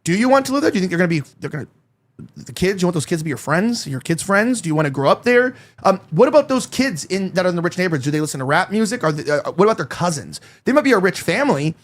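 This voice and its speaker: High-voiced rambling male host. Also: very animated, rapid-fire. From Los Angeles. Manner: rambling, frequent fillers and restarts. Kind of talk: casual panel talk.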